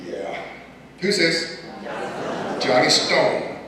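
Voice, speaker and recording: A man's voice: fairly high pitch, expressive, drawn-out words, background noise. Older man telling stories in an echoey hall. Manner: folksy anecdotes, addresses the audience directly. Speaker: speaker at an alumni reunion. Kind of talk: storytelling speech to an audience. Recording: echoey hall, distant mic, faint ambience.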